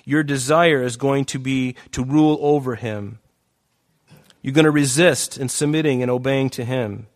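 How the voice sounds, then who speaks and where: A man's voice: mid-range voice, steady tone, moderate pace. Man, preacher, sermon, emphatic, repeats phrases, reads scripture aloud. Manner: points listeners to verses.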